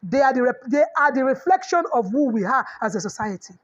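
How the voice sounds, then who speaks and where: A middle-aged Nigerian woman with a high voice lectures parents in a preachy, earnest way, dropping Yoruba proverbs into her talk. The audio is dull and lo-fi. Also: lively intonation, fairly quick. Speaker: parenting coach.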